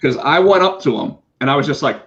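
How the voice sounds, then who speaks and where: A middle-aged man, a podcast co-host and comic book artist, telling a story in casual chat, animated, swearing and acting out what people said. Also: a little high, fast talker. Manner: animated, swears, acts out quotes. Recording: slightly dull lo-fi sound.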